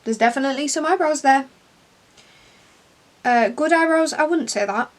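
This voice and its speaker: A woman's voice: high-pitched, normal speed. A young English woman vlogging at home, chatting casually and self-deprecatingly while doing her makeup. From England. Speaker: beauty vlogger.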